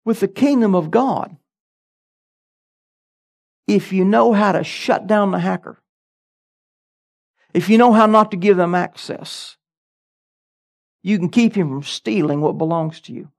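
A man's voice: high voice, unhurried, creaky, pauses often. A middle-aged man, a pastor, preaching a sermon with emphatic delivery and frequent amens.

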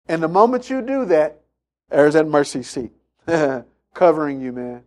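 A man's voice: on the high side, moderate pace, darkish tone. A man preaching a sermon, emphatic and repetitive, acting out the voices of people in his stories. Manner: emphatic, repeats phrases, acts out quotes in story.

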